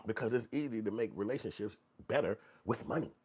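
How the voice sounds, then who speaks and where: A man's voice: lowish voice, fast, breathy edge. A man hosting a commentary show, ranting bluntly and profanely and mocking people in put-on voices. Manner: blunt, animated, swings into mocking quoted voices.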